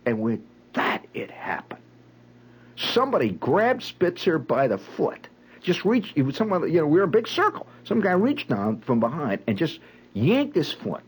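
A man's voice: fairly high pitch, wildly swooping pitch, normal speed, breathy edge, rough recording. A man telling a dramatic personal story in a vivid, conversational way. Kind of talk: spoken storytelling monologue.

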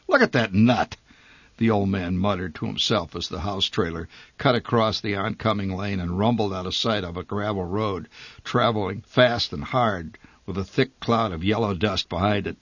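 A man reading a humorous memoir story aloud, with a wry, dry and lively delivery. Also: on the low side, normal speed, no echo. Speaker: narrator.

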